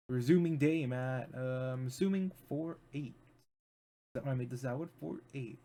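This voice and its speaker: A man's voice: medium pitch, normal speed, over music. A man streaming as a VTuber, reading a visual novel aloud with drama and breaking into rambling asides.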